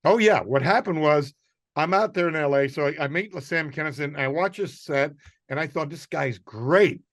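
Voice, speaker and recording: A man from New York spins a comedy tale in casual chat. He acts out every quote and laughs along. His voice sits high and sounds dry and close. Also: brisk, dry recording. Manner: animated storyteller, acts out quotes, laughs mid-story. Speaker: guest comedian.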